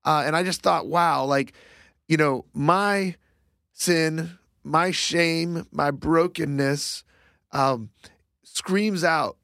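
Reflective man, higher voice, dry sound. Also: gravelly, fairly bright tone, no room sound. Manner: reflective, halting, many fillers and restarts. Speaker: Bible discussion co-host. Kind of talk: casual faith discussion.

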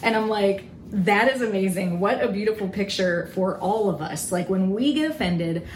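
A woman co-hosting a faith talk show, telling a family story in a lively, animated way. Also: medium pitch, normal speed. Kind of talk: casual storytelling chat. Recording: echoey room with faint noise.

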